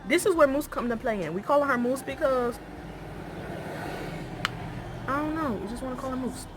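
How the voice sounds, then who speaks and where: A woman's voice: moderate pace, background noise. A young woman, telling a story casually and acting out the dialogue. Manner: animated, acts out dialogue with rising pitch.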